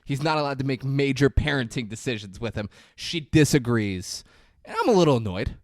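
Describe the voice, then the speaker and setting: A man's voice: mid-range voice, animated, a little fast, dry recording. Profane man recapping a movie, dry sound. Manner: loose, profane storytelling with frequent fillers. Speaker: podcast co-host. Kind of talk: casual movie-recap chat.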